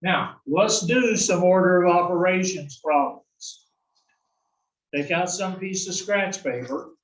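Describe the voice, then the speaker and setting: A man teaching an algebra class, explaining slowly and answering his own questions as he goes. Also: high-pitched, reverberant, far from the mic, rough recording. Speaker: math instructor. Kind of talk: recorded classroom lecture.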